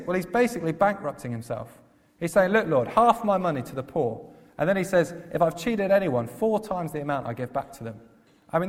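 A man preaching a sermon in a church, earnest, repeating key phrases for emphasis. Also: fairly high pitch. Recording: long hall reverb.

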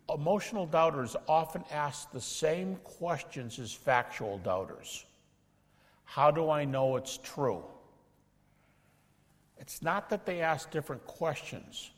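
Animated man lecturing in an echoing hall. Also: fairly high pitch, measured pace. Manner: animated, acts out dialogues with doubters. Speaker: speaker teaching apologetics. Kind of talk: lecture to an audience.

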